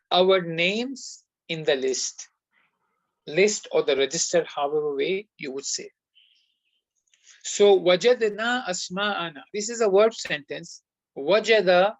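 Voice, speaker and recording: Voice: mid-range voice, no room sound, low-quality recording. An Arabic teacher giving an online class lesson, who explains step by step, quizzes the students and sprinkles in devout phrases.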